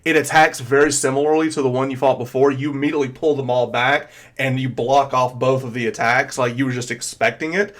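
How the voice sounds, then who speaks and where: Man, game master, tabletop game narration, hesitant, lots of fillers, average pitch. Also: fairly even intonation, brisk, hardly any pauses, fairly bright tone.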